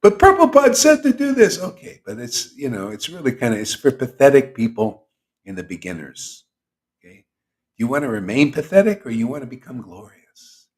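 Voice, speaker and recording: A man's voice: medium pitch, expressive, normal speed, darkish tone. A man as spiritual teacher, giving a casual, teasing devotional sermon to an online group.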